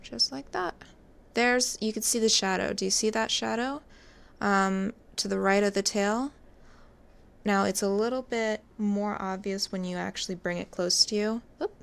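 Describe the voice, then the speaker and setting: A woman narrating her own craft work in a relaxed, chatty way as she goes. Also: mid-range voice, moderate pace, gravelly, clear, resonant tone. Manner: relaxed, chatty, talks while working. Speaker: resin artist.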